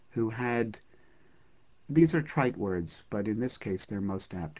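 A literature lecturer explaining and then reading a poem aloud, deliberate and measured with occasional hesitations, on a dull lo-fi recording. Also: low-pitched, a little mellow.

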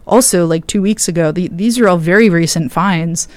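Between songs, a weary young female radio DJ talks loosely on air in a lowish voice at normal speed, with no echo. Her delivery wanders, cuts itself off and is packed with filler words.

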